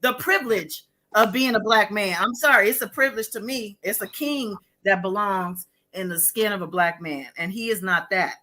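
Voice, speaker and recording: A woman hosting a live-stream chat, talking emphatically and building to loud declarations. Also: mid-range voice, moderate pace, few pauses. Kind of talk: casual live-stream commentary.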